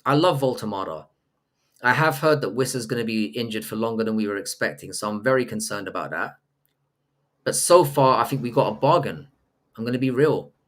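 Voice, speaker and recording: In a relaxed live-stream chat, this host reads viewers' messages aloud and replies with crude, profane humor. His voice is medium-pitched and fairly quick.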